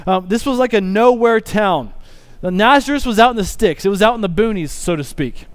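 Male pastor, conversational sermon delivery, light high voice, crisp and clear. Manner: conversational, restarts sentences, reads scripture more quietly.

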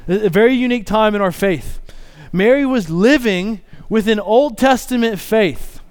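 A male pastor giving a conversational sermon, dropping lower and quieter when reading scripture. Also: clear, resonant tone. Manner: conversational, restarts sentences, reads scripture more quietly.

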